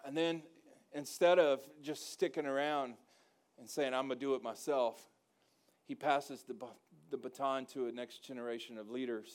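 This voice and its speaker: A man's voice: mid-range voice, fairly even intonation, moderate pace. A male pastor preaching a sermon, folksy and joking, calling for responses from the congregation. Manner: rising to loud emphatic preaching with call-and-response.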